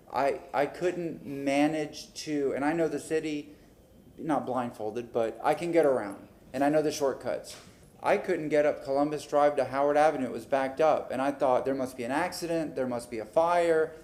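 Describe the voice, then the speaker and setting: Frustrated man at a council meeting. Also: medium pitch. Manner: animated, airing frustrations, acts out conversations. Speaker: city council member. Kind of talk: speaking at a public meeting. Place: city council chamber.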